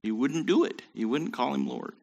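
A man's voice: mid-range voice, lively intonation, moderate pace, gravelly, a little mellow. A man teaching a Bible study in a conversational way, with joking asides.

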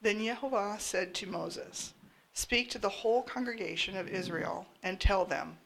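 Woman reading scripture with a gravelly voice. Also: mid-range voice, normal speed. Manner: steady, plain reading. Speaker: scripture reader.

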